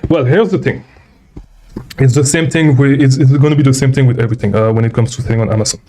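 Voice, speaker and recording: A man's voice: mid-range voice, fairly even intonation, fast, warm tone. Breathless man on a live Q&A. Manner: rambling, repeats okay, reads viewer questions. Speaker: livestream host and seller coach. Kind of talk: casual live Q&A. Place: traveling, indoors.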